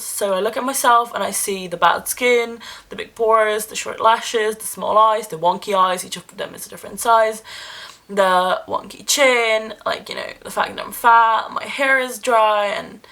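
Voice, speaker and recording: A woman's voice: mid-range voice, pushed and bright. A young woman vlogging in a candid, rambling and self-deprecating way, emotional and close to tears. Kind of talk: casual vlog monologue.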